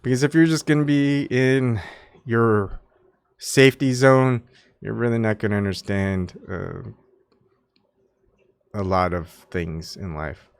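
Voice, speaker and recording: A man's voice: fairly low pitch, fairly even intonation, takes it slowly, gravelly, long pauses, clear, resonant tone, no room sound. A man from Texas reading an article aloud and commenting on it in a casual, musing way, chuckling between points. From Houston, Texas. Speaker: commentary host.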